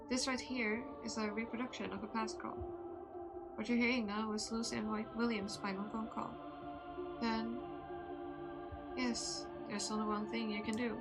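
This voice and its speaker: A woman streamer reading game dialogue aloud, slow and deliberate, voicing each character in turn. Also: on the high side. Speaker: VTuber streamer. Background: game music.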